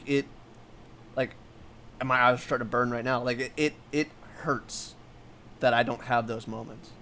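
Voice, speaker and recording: Man co-host, candid rambling talker, average pitch, faint noise in the recording. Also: fairly bright tone. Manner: candid, rambling, many fillers and restarts. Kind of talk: casual chat.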